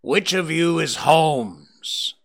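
Man performing a huge menacing old doctor, furious, snarling, slow, lively pitch. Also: creaky, full character voice. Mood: angry. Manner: snarling, threatening, slow and loud. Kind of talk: dramatic audiobook reading.

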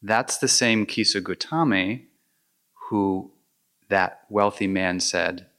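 Deep-voiced man telling a teaching story. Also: slow, sharp tone. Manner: storytelling, reflective, with restarts. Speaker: meditation teacher. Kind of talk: dharma talk.

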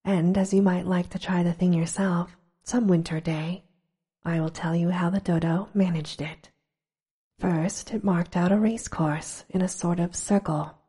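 A woman reading a storybook aloud in a hushed, slow whisper, as whispered role-play. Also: fairly low pitch, steady tone, slightly rough. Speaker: storybook reader.

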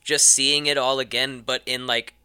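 A young male radio guest with a very bright, crisp voice that sounds close and dry in the studio. He talks in loose, chatty bursts, leaning on "like" as he goes, and laughs easily. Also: mid-range voice, little pitch movement, normal speed, dry recording. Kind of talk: casual chat.

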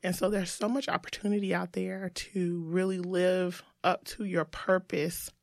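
A woman's voice: lowish voice, little pitch movement, a little slow, gravelly, no echo, studio quality. A woman guest from the United States, talking in a casual interview in an earnest, reflective way.

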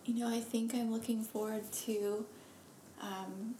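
A woman speaking in a casual, reflective chat, thoughtful and measured, trailing off softly. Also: a little high, level tone. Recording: echoey room with faint noise.

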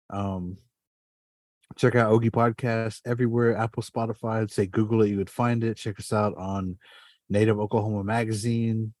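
Man, podcast host, loose storyteller, cursing freely, dry close sound, warm tone. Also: lowish voice, no room sound. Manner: animated, swears often, heavy fillers. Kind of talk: casual storytelling.

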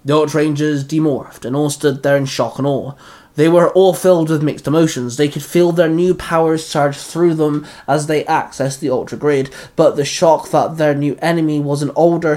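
A man's voice: a little high, a little mellow. A man reading a fan fiction story aloud and hosting the channel, enthusiastic when recommending other creators.

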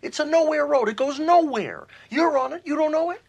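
A man's voice: on the high side, sing-song, fairly quick, pushed and bright, breathy edge, lo-fi sound, full character voice. An actor playing a bitter middle-aged male executive who throws a childish, sarcastic tantrum in film dialogue. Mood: giddy, sarcastic.

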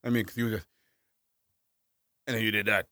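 A man co-hosting a casual podcast chat, animated and full of slang, ranting hard. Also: on the low side, moderate pace, no echo, clean studio sound. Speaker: podcast co-host.

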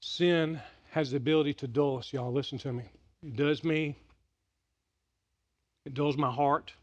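A middle-aged pastor with a drawl preaches a sermon in a fairly high voice. He tells his stories with animated energy, going loud and excited, then dropping to a hush. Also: measured pace, muffled recording. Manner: animated storytelling, swinging from loud and excited to hushed and quiet.

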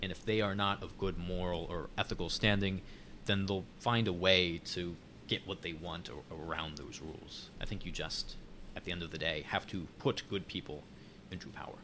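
A man's voice: deep voice, steady tone, normal speed, pushed and bright, a little hiss or hum. A man co-hosting a podcast, talking casually and reading an article aloud. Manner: conversational, reads articles aloud. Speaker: podcast co-host.

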